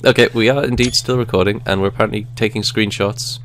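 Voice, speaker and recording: A man's voice: lowish voice, steady tone, fast talker, a bit bright, slight background noise. A man casually chatting while playing a video game and reading its text aloud. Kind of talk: casual gaming chat.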